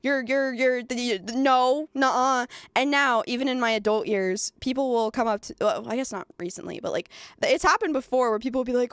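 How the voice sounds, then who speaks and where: High-voiced woman streamer, sarcastic and animated, dry close sound, trips over her words. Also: a little fast, hardly any pauses, smooth, no echo. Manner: animated, sarcastic, laughing, stammering restarts. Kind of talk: livestream reaction commentary.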